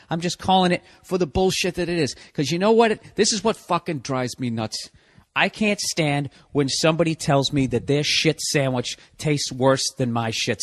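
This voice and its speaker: A man rants in an exasperated, profanity-laced comic monologue, firing off rhetorical questions. His voice sits a little higher than most men's. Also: no echo. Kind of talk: profane comedic rant.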